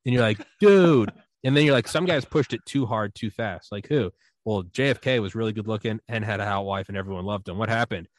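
Male podcast host, lower pitch, animated storyteller who acts out quotes and swears a lot, close dry mic. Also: fast, no room sound. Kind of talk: casual podcast chat.

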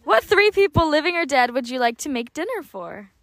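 A young woman on a casual podcast, briskly reading interview questions and teasing the host. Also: high-pitched, big pitch swings, slight background noise.

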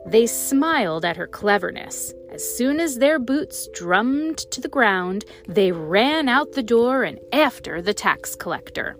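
A woman reading a storybook aloud with a gentle, expressive manner. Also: on the high side, a little slow, hardly any pauses. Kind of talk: storybook narration. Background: faint music.

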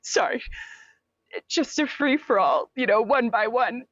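A woman's voice: a little high, measured pace, a bit bright, dry recording. A young adult woman, an interview guest, recounting a personal story candidly, with many fillers and quoted asides. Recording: dull, lo-fi sound.

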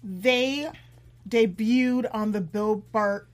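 A woman's voice: on the high side, very slow. Enthusiastic woman co-hosting a podcast. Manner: enthusiastic fan, animated storytelling. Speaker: podcast co-host. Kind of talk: casual chat.

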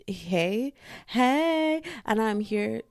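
A woman's voice: fairly high pitch, lively intonation, very slow, a little mellow, dry recording, clean studio sound. A young woman hosting a solo podcast from her bedroom, ranting animatedly and breaking in with repeated interjections. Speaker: podcast host. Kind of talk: casual solo podcast rant.

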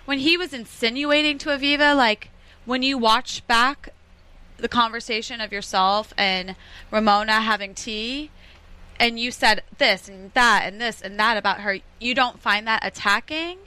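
A woman's voice: on the high side, moderate pace, pushed and bright, clear, resonant tone. A woman co-hosting a casual podcast chat about a reality show, opinionated and playful. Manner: opinionated, acts out jokes. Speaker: podcast co-host.

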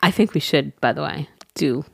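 A woman co-hosting a podcast in casual chat, answering with quick agreement and casual swearing. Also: low voice, creaky, fairly bright tone, slightly rough, dry recording. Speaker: podcast co-host.

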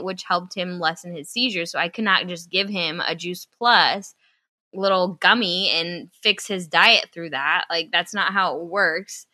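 A young woman and podcast co-host telling a story in casual chat, animated and quick to act out what others said, swearing when annoyed. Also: fairly low pitch, no echo.

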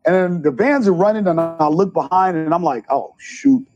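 A middle-aged man, a junior college basketball coach, telling animated stories in an interview and acting out the quotes. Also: high-pitched, brisk. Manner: animated storyteller, acts out quotes. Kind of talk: interview storytelling.

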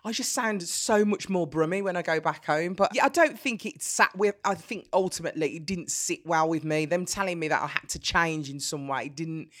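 A middle-aged woman with a Birmingham accent, a guest telling lively stories in an interview and laughing easily. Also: lowish voice, fairly quick, hardly any pauses. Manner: animated storyteller, laughs easily. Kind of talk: conversational interview.

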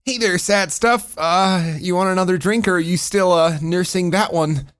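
A man's voice: high-pitched, moderate pace, a bit bright, clear, resonant tone, no room sound, clean studio sound, voice pushed up. A man playing a laid-back male bartender in an improvised comedy bit, hesitant and drawn out. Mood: lazy.

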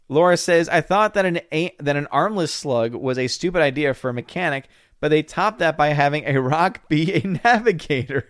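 Young guy reading his chat on stream, jokey quick comebacks, dry close sound. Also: fairly high pitch, clear, resonant tone, dry recording. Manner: reads viewer comments aloud and reacts with laughs and quick retorts. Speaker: livestream host reading chat comments. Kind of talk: casual livestream chat.

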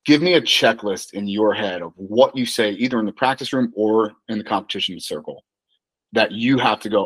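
Animated man hosting a podcast. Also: fairly low pitch, normal speed, breathy edge, rough recording. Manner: animated, laughing, filler-heavy. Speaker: podcast host, wrestling coach. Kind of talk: casual podcast chat.

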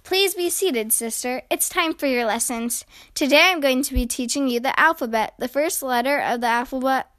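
A woman's voice: high voice, moderate pace, few pauses, fairly bright tone, no room sound. A woman voicing a bossy, braggy six-year-old girl bear cub in a storybook, sounding commanding.

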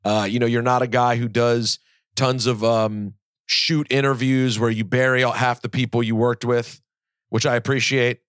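A man hosting a podcast interview, relaxed and appreciative toward his guest. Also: mid-range voice, moderate pace, clean tone, no echo, clean studio sound. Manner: relaxed, appreciative, laughs along. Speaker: podcast host. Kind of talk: casual interview.

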